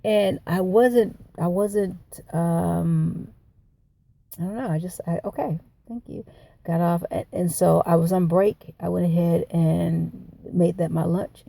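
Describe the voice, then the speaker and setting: Husky, gravelly woman telling her story. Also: on the low side, steady tone, takes it slowly, warm tone. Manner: rambling, emotional storytelling. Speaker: video diarist. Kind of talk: personal video journal.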